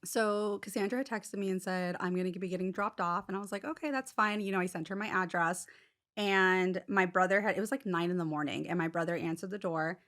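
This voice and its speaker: A woman's voice: fairly low pitch, fairly even intonation, brisk, fairly bright tone. A woman in her thirties, a podcast guest, telling a personal story in a rambling, casual way with lots of fillers. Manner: rambling, many "like" fillers, acts out quotes.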